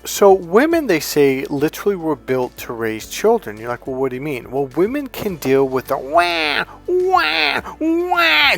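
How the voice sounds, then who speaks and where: A man who is a dating coach, talking off the cuff to camera in a rambling, profane way and acting out grunts and crying babies. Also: a little high.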